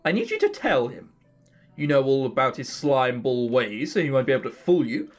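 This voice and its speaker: A man voicing a gruff, insistent male shopkeeper with an American accent, holding a grudge. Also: mid-range voice, sing-song, normal speed, faint music behind, voice pushed down, close to an everyday voice. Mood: grumpy.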